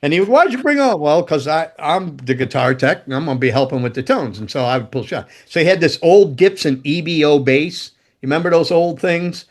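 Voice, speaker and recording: This guest, once a roadie and guitar tech, rattles off casual anecdotes in a slightly high voice, fairly quick and with hardly any pauses. He's loose and profane, breaks into laughter mid-story, and acts out quotes.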